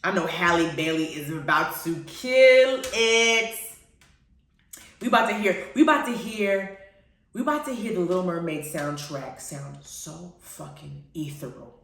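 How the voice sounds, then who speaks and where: A woman hosting a radio show, chatting casually about TV shows in a playful, animated way and laughing often. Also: on the low side, unhurried, gravelly. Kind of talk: casual chat reviewing TV shows. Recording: very echoey, far from the mic.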